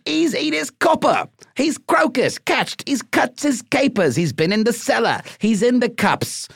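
A man putting on a high, exaggerated Cockney voice for a comic figure, reading out old slang in a sing-song way. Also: very animated, a little slow, vocal fry, fairly bright tone, slightly rough, no echo, studio quality, full character voice. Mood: playful. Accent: Cockney, put on.

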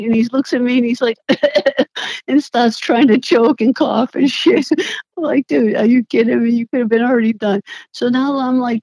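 A young woman talks as an interview guest, laughing often and acting out what people said. Her telling is animated and loose, with casual swearing. The sound is dry and close. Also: a little high, gravelly, dry recording, rough recording. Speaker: interview guest, former reality show contestant. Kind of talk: casual storytelling.

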